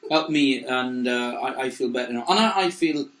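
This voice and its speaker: A man talks in a halting, rambling way, full of restarts and self-corrections. His voice is mid-pitched, and it rings in a roomy, echoey space as he chats through a comedic podcast. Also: a bit bright. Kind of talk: casual comedic chat. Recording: roomy echo.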